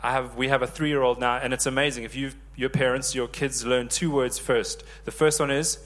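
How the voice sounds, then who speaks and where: A man in his thirties preaching a sermon, lively and joking with the congregation. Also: medium pitch, normal speed. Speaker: pastor.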